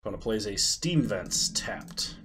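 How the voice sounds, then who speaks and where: A man's voice: fairly low pitch, lively intonation, unhurried, a bit bright, slightly rough, soft background music. A man streaming himself playing an online card game, calling out each play in short clipped phrases as he goes. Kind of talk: live commentary on his own card game.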